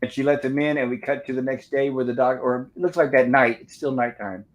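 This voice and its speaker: A man's voice: medium pitch, a little fast, rough recording. Man recapping a movie scene by scene. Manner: narrates scenes step by step, reading out dialogue. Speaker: host of a movie review livestream.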